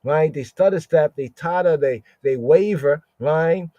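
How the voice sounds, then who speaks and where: A man teaching scripture in a slow, unhurried cadence, his voice mellow and somewhat high for a man. He drawls out Hebrew words and repeats them, tagging "right?" onto most phrases. The recording is dry and slightly dull. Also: no room sound. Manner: repeats words with frequent "right?" tags, sounds out Hebrew slowly.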